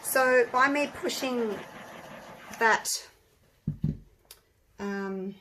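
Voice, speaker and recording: A woman with a croaky voice, chatting casually to her viewers and thinking aloud as she works on a resin craft project. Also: fairly high pitch, very slow, pushed and bright, slight background noise. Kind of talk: casual chat while crafting.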